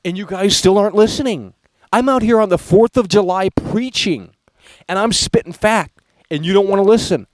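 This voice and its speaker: A man's voice: high-pitched, moderate pace, a little hiss or hum, rough recording. A man ranting in a video about games, scolding his viewers in a preachy, repetitive way. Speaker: gaming commentator. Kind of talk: ranting vlog commentary.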